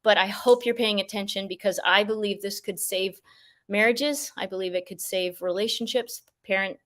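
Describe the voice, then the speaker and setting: A woman's voice: medium pitch, fairly even intonation, normal speed, a bit bright. A woman hosting a live show, effusive and enthusiastic, laughing often as she talks. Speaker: show host. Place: outdoors near a mountain.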